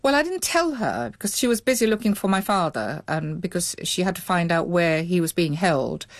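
A woman's voice: lowish voice, expressive, moderate pace, no echo. A middle-aged woman, interviewed, recalling her childhood in a reflective, hesitant way with many restarts. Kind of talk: reflective recollection.

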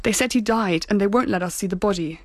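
A woman's voice: medium pitch, quick pace, no echo, studio quality, lightly acted. A woman voicing an angry, grieving young man, his speech taut and strained. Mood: furious.

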